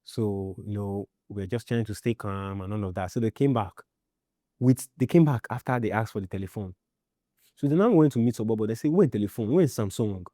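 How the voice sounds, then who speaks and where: A Nigerian man telling his own story in a halting way, often repeating himself and checking "you understand?". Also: on the low side, mellow, no room sound, clean studio sound. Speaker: interviewee. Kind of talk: personal storytelling.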